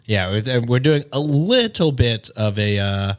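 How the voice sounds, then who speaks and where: A man's voice: mid-range voice, animated, unhurried. Chill guy cohosting a podcast, joking around, regular mid voice. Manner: laid-back, jokey, reads stories aloud. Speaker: podcast co-host. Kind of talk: casual podcast chat.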